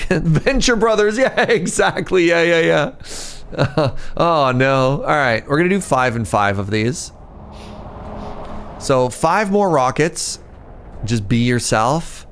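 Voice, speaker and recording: A man's voice: mid-range voice, animated, measured pace, slight background noise. A man streaming a game, chatting and joking playfully with his viewers while thinking aloud. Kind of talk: casual gameplay chat with viewers.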